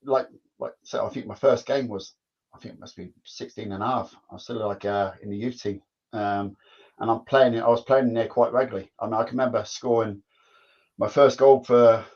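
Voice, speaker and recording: A man's voice: lowish voice, steady tone, brisk, darkish tone. A man, a former footballer telling stories in casual chat, rambling and repeating himself. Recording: dull lo-fi sound.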